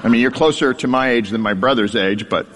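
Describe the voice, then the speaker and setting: A man's voice: mid-range voice, fairly quick, a bit bright, big-room sound. A middle-aged man telling his childhood story to an audience in a humorous, self-deprecating way, laughing as he goes. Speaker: speaker sharing his life story.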